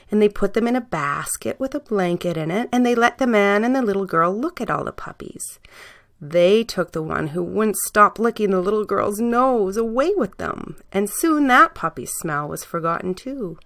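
Woman gently reading a bedtime story. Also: medium pitch. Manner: gentle, soft-spoken reading.

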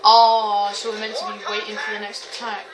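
A woman giving excitable let's-play commentary, swearing, shrieking and laughing often. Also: medium pitch, moderate pace, background noise. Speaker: gaming video host. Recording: roomy, distant mic with game music. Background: game music and sounds.

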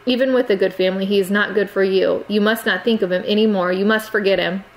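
A woman's voice: mid-range voice, fairly even intonation, quick pace, lightly acted, low-quality recording. A woman reading aloud, voicing a stern, reproachful middle-aged aunt who lectures her niece. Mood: scolding.

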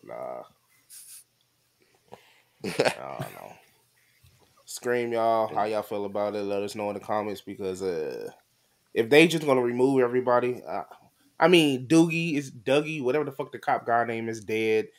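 A man giving blunt, animated opinions in casual podcast chat. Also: mid-range voice, brisk.

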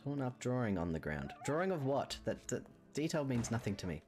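Chatty man, lively pitch. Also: normal speed, faint music behind. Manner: rambling, chatty, laughs often. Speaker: game streamer. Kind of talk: casual out-of-character chat while playing.

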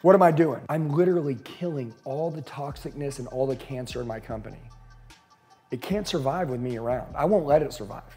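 A man's voice: mid-range voice, brisk, mellow, soft background music. A middle-aged man coaching sales teams, intense and emphatic, firing off rhetorical questions and swearing freely. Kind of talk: motivational business coaching talk.

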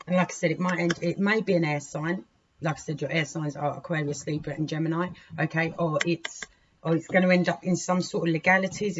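A woman giving a weekly tarot reading, frank and indignant, swearing freely and breaking into sudden loud outbursts. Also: deep voice. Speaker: tarot reader. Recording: dull lo-fi recording with faint hiss.

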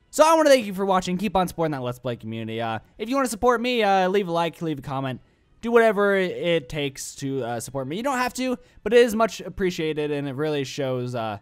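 A man's voice: a little high, clear, resonant tone. A young adult man giving let's play commentary, rambling and self-mocking and talking back to the game. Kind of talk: gaming commentary.

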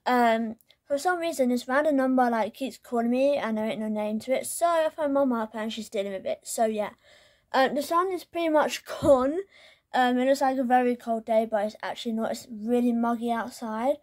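A young woman with a fairly high voice talks casually to her viewers, filling gaps with ums and yeahs. She rambles easily from one thing to the next in a relaxed vlog style. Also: normal speed. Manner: chatty, rambling with many fillers. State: out of breath while walking. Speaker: vlogger.

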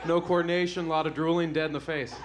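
A man in his thirties doing stand-up with a dry, deadpan delivery. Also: on the high side, fast. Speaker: stand-up comedian. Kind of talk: stand-up routine. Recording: live club with loud audience and noise.

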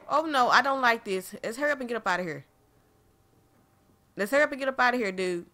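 A woman narrates her own horror game run into a desk microphone, jumpy and full of exclamations. Her tone is bright and sharp, and she keeps turning to address her viewers directly. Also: a little high, lively intonation, fast talker, pauses often. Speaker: gaming channel host. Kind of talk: horror game let's play commentary.

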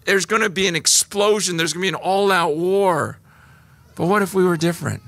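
Guy preaching a sermon, kinda high voice, dry close sound, gets loud and animated. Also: fairly quick, no echo. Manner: animated, swings from hushed to emphatic. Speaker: pastor.

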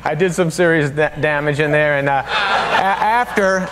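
A man's voice: on the high side, moderate pace, heavy background noise. Talk show guest, man, stammering storyteller; played-back clip with audience. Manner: rambling, laughs through his own stories, stammering restarts. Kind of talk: comic anecdote telling.

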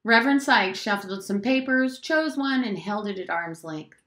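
A woman teacher reading a novel aloud in a steady, clear storytelling voice. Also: mid-range voice, normal speed. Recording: roomy echo.

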